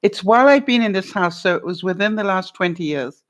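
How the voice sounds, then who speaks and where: A woman's voice: mid-range voice, animated, a little fast. An older woman vlogger chatting casually with viewers on a live stream from her home, laughing often and calling people by name. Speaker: vlogger answering live chat.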